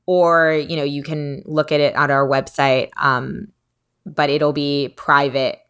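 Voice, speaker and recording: Bright, chatty woman podcast host. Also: low voice, level tone, slow, clean tone. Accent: Southern US. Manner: chatty, rambling with fillers. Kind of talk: casual podcast chat.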